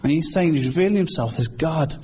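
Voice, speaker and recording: A man's voice: on the high side, expressive, fairly quick, a little mellow. Earnest British man preaching. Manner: earnest, conversational, acts out quoted voices. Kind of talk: informal sermon. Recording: slightly dull, faint background hiss.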